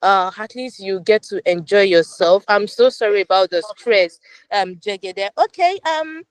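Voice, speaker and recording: A woman's voice: medium pitch, lively intonation, normal speed, clean tone, dry recording. A woman tutoring a live online class, reading out viewer comments in an upbeat way, with lots of repetition and fillers. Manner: upbeat, repeats phrases, many fillers.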